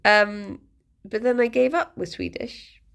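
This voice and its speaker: Female streamer, casual chat to viewers, slow and self-deprecating, mid-pitched with vocal fry. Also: fairly bright tone. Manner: rambling, self-deprecating, chuckles often. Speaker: live streamer.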